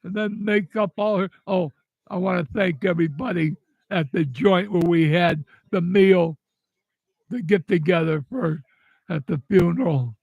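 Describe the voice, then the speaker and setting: An older man with a rough, gravelly voice pitched fairly high. He speaks slowly and bluntly, angry and profane as he rants about his grievances. The recording is close and dry. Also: no echo, narrow, tinny audio. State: upset. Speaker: vlogger telling personal stories. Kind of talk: casual storytelling rant.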